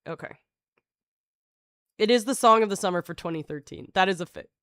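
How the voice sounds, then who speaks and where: A woman streaming live, talking to her chat in a loose, joking ramble that keeps stopping and restarting mid-sentence. Her voice sits at an ordinary middle pitch for a woman. It sounds close and dry, with no room echo. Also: fairly quick, fairly bright tone. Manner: jokey, scattered, full of restarts and self-interruptions.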